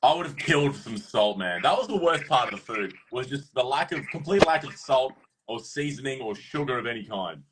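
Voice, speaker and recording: A young Australian man chatting casually, excitable and quick to laugh. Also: mid-range voice, noisy background. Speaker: reality show contestant. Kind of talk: casual chat.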